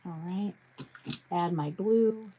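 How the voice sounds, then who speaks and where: A woman's voice: on the low side, slow, narrow, tinny audio. A woman hosting a live craft tutorial, chatting her way through each step and joking with her materials. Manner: jokey self-talk to her materials.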